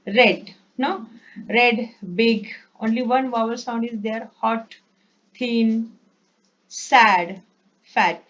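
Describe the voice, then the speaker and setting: Slow, patient woman teaching grammar. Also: on the high side, steady tone, fairly bright tone. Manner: patient, repeats words, corrects herself with "sorry". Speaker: English teacher. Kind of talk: slow grammar lesson, reading word lists. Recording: dull lo-fi recording.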